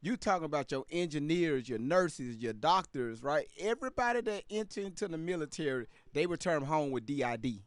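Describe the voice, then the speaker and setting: A man's voice: on the high side, expressive, fairly quick, few pauses, dry recording. Profane man doing casual commentary. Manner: loose, profane, talks straight to viewers. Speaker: commentary channel host.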